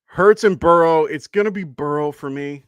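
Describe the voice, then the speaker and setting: A man hosting a live fantasy football stream, chatty and quick to laugh as he thanks viewers. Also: on the high side, a bit bright, clean tone, no echo. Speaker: fantasy football show host. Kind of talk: live-stream casual chat.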